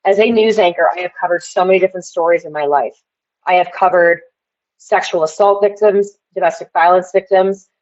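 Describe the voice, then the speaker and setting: In a casual livestream rant, a woman guest speaking fairly quickly in a fairly low, steady, slightly mellow voice tells a rambling story. She calls out to the chat directly, and the sound is lo-fi.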